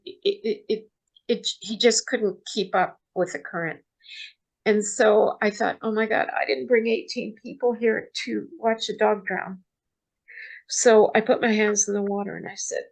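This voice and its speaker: A woman speaks as a guest in a relaxed interview, recounting a story in a soft, gravelly voice. She halts often and restarts her sentences as she goes. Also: medium pitch, rough recording. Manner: soft-spoken, halting with restarts.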